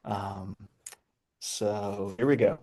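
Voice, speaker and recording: A man, presenting a webinar over a video call in an excitable, playful way with frequent restarts. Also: on the low side, extremely slow. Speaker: edtech presenter. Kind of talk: energetic webinar talk.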